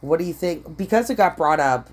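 A woman co-hosting a podcast, chatting casually in a brash, profane way with loud laughs. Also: deep voice, lively intonation, fairly quick. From Canada. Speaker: podcast co-host. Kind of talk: casual chat.

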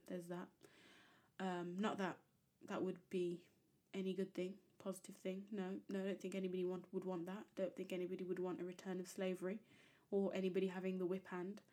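A woman hosting a history podcast, commenting in an animated, exasperated way and reading quotes aloud. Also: fairly low pitch. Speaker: podcast host.

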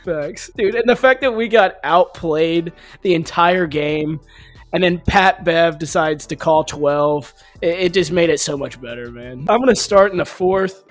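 A man with a somewhat high voice hosts a casual basketball podcast, chatting with excitable energy and frequent laughter. Faint music sits underneath his voice. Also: a little slow. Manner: excitable, laughs often, reads texts aloud. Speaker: podcast host. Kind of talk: casual sports podcast chat.

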